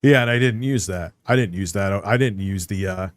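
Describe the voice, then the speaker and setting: A man's voice: low-pitched, normal speed. A man giving casual live-stream commentary on a video about himself, rambling, swearing and mocking himself. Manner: rambling, profane, self-mocking.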